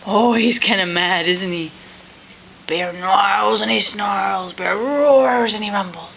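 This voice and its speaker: A woman at home retelling a picture book with a toddler, gentle and coaxing, often dropping to a hush. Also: medium pitch, slow pace, vocal fry. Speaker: parent reading to a toddler. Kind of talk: bedtime story retelling. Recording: tinny lo-fi home recording, faint hiss.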